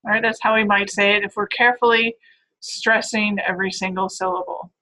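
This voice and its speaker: A woman's voice: mid-range voice, fairly even intonation, brisk, sharp tone, poor audio. A woman giving a recorded phonetics lecture, explaining step by step and checking in with "right?" and "all right.".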